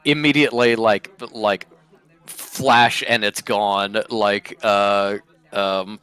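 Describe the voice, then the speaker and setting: A man's voice: on the low side, steady tone, slow pace, sharp tone, clear, resonant tone, no echo. A man playing a tabletop game on a voice call, speaking in character and narrating his moves, hesitant with many fillers and restarts. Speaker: tabletop player.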